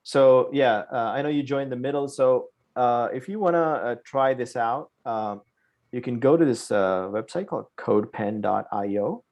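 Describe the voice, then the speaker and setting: This programming instructor has a medium-pitched, slightly mellow voice and a moderate pace. He leads a live online coding class, breaking things down step by step and checking in with "right?" as he goes.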